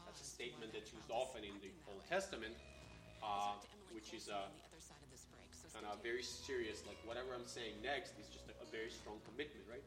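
A man's voice: on the low side, steady tone, brisk, recorded from a distance, music in the background. Man teaching a roomy Bible lesson. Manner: explains step by step, checks in with "okay?" and "right?". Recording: roomy, speaker away from the mic.

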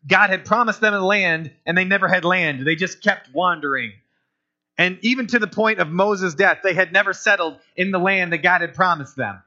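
A man's voice: high voice, normal speed, sharp tone. A man preaching as a pastor, in a conversational style full of rhetorical questions. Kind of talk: sermon. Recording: dull lo-fi recording.

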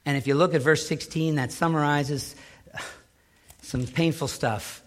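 A middle-aged man preaching a sermon as pastor, swinging between loud emphatic lines and hushed low asides. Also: steady tone, a little slow.

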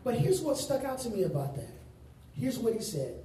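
A man's voice: extremely high pitch, huge pitch swings, warm tone, a little hiss or hum. Man preaching in a very echoey room. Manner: emphatic preaching with slow drawn-out phrases. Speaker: pastor. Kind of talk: sermon. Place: large room with congregation. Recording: very echoey room, distant mic.

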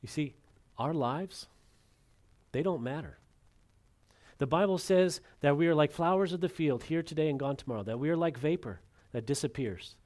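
A man preaching a sermon as pastor, acting out the quotes and swinging between loud emphasis and hushed, dropped lines. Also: fairly high pitch, normal speed.

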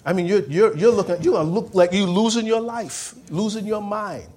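A husky, high-sitting male voice preaches a church sermon at normal speed with few pauses. He repeats phrases and calls on the congregation to respond, moving from loud outbursts to hushed words.

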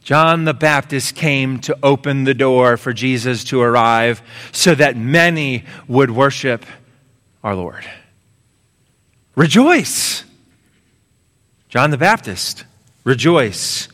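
A man's voice: mid-range voice, lively intonation, slow pace, long pauses, fairly bright tone. A man preaching a sermon as pastor, emphatic and urging, acting out a story with quoted voices. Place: church sanctuary. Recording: long reverb of a large hall.

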